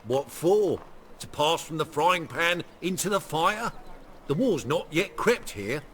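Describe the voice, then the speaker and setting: A rueful shapeshifter fallen on hard times, dry, self-mocking, lively lines in a game. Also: male voice, on the high side, a little slow, a little hiss or hum. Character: weary middle-aged male shapeshifter posing as a ruined merchant. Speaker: game character. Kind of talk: video game voice acting.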